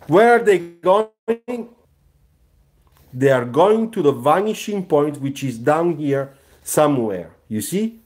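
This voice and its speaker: Slow, lively-voiced man teaching. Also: fairly high pitch. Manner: slow, repetitive, checks in with "you see?". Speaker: car designer teaching sketching. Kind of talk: live drawing tutorial.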